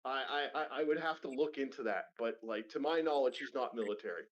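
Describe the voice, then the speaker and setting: A man's voice: medium pitch, a little fast. A man on a livestream, casually retelling a wild story with profanity, rambling asides and laughter. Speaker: streamer co-host. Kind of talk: casual stream chat retelling a news story. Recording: lo-fi muffled stream audio.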